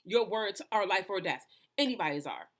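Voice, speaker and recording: A woman's voice: mid-range voice, animated, moderate pace. A woman minister talking to camera with impassioned conviction, emphatic and preachy, often restarting her sentences. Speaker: minister and host. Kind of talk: impassioned personal talk to camera.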